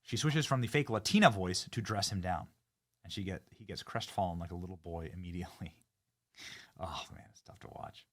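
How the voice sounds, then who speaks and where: A man hosting a commentary show, reacting to a clip in a mocking, indignant way, jumping between loud outbursts and muttered asides. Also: deep voice, fairly quick. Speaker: political commentary host.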